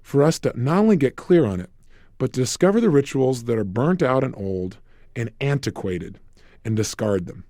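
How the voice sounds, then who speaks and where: A man giving a recorded self-help lecture, energetic and acting out little dialogues. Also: mid-range voice, moderate pace, dry recording, studio quality. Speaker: motivational speaker.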